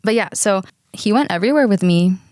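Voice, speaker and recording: A woman's voice: mid-range voice, expressive, brisk, darkish tone, dry recording, studio quality. A woman in her thirties co-hosting a podcast, telling personal stories in a chatty way, laughing often and swearing casually. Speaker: podcast co-host. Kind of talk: casual storytelling chat.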